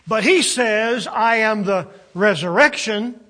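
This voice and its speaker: A man delivers a sermon at an unhurried, measured pace. His voice sits fairly high, climbing on the points he stresses and sinking quiet at the end of phrases. He often stalls with uh's and restarts as he works through the thought. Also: animated. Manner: slow, deliberate preaching with rising emphasis and trailing drops; halting restarts with frequent uh's. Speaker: preacher.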